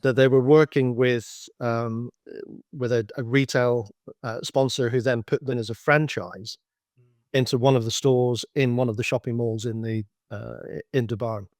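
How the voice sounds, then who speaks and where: A middle-aged man walks through a business presentation like a consultant, explaining patiently and slipping into anecdotes, often restarting his phrases. His voice sits at an ordinary male pitch. The sound is dry and close, with no room around it. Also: fairly even intonation, unhurried, darkish tone, dry recording. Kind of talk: slide-based business presentation.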